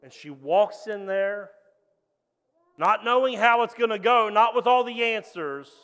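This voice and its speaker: High-voiced animated male pastor. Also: unhurried, smooth, in a large hall. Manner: animated storytelling with acted-out voices. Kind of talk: sermon.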